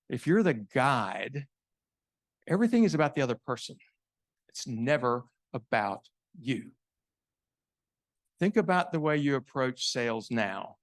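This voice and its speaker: A man's voice: mid-range voice, expressive, measured pace, long pauses. A man giving a live business talk to an audience, telling stories and asking rhetorical questions. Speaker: sales consultant giving a keynote. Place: event venue before an audience.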